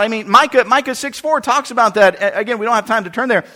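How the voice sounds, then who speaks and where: A man's voice: very high voice, lively intonation, brisk, few pauses, pushed and bright. A man preaching a sermon, explaining scripture verse by verse and often repeating and restarting his phrases. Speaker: pastor. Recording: long reverb of a large hall.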